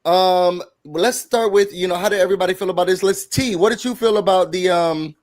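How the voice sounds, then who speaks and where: A man's voice: sits high, brisk, no echo, clean studio sound. A man from Rochester, New York, with a Midwestern accent, casually hosting a live recap stream and teasing his guests. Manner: playful, teasing, reads out super chats. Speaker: host.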